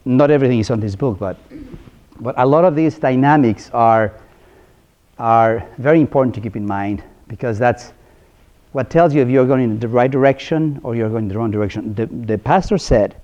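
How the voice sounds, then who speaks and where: A man's voice: mid-range voice, mellow. A man giving a conversational workshop talk to ministers, earnest, restarting phrases and asking if points make sense. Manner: earnest, with frequent restarts and rhetorical questions. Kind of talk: conversational lecture. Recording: dull lo-fi sound.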